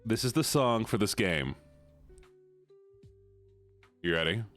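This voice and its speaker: A man's voice: fairly low pitch, slow pace, faint music behind. A man streaming live and chatting casually and animatedly with his viewers. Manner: animated, chatty, talks straight to chat.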